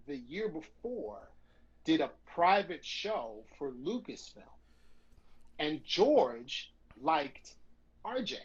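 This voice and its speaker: A middle-aged man from New York tells an animated, profane story as a guest, acting out each scene he describes. His voice is a little husky and sits somewhat high. The audio is slightly muffled and lo-fi.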